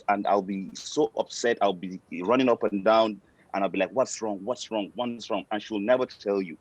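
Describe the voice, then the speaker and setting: A man's voice: lowish voice, dry recording, muffled recording. A man asking a question over a video call from his car, talking hesitantly and repeating words. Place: parked car. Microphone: video call on phone.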